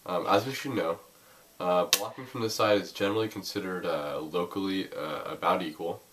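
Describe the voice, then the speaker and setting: A man's voice: low voice, moderate pace, distant mic. A young man giving a casual spoken lesson on a board game, hesitant, with many ums and uhs. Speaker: Go teacher. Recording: faint noise, voice a bit off-mic.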